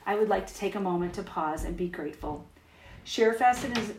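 A woman volunteer leading a school morning prayer and storybook reading, in measured, careful reading aloud. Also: fairly low pitch, a little mellow, reverberant, low-quality recording.

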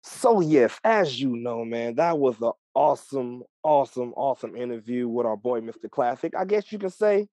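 A man's voice: mid-range voice, lively intonation, moderate pace, hardly any pauses, mellow, no echo. A man co-hosting a wrestling podcast, hyped and playful, fond of puns. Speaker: podcast co-host. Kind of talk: excited wrestling podcast chat.

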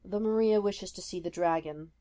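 A woman's voice: on the low side, normal speed, warm tone, lightly acted. A woman voicing a stern palace guard who speaks formally and curtly.

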